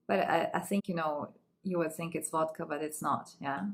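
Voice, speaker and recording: Slow, deliberate woman teaching a language. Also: low voice. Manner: repeats each word slowly, with short explanations in between. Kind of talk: slow, deliberate lesson reading words aloud.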